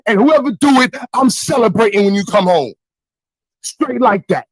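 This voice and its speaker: A young man with a Brooklyn accent, ranting angrily to his chat on a livestream, shouting and swearing. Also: high voice, animated, moderate pace, dry recording, poor audio. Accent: Brooklyn, New York. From New York. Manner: angry, shouting, profane.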